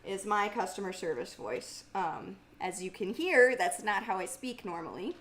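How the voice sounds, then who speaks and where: Here the young woman hosting the livestream sounds animated and fairly bright, keeping a moderate pace with few pauses even though her low voice stays mumbly and grumbly. The singer reads viewer comments casually, swearing freely and laughing often.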